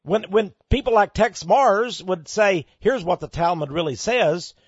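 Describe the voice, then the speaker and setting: A man giving an emphatic monologue, reading an article aloud and commenting on it, with sudden loud stresses. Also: sits high, expressive, unhurried, breathy edge, no room sound, highs cut off.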